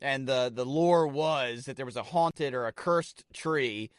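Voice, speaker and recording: A man's voice: medium pitch, a little slow, no room sound, studio quality. A man co-hosting a podcast in casual chat, rambling and swearing as he tells stories. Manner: rambling, profane, excitable. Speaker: podcast co-host.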